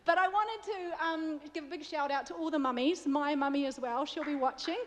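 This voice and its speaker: A woman's voice: high-pitched, fairly quick. A woman with a New Zealand accent preaching a sermon, chatty and joking with the congregation. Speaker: guest preacher. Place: church. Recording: long reverb of a church hall.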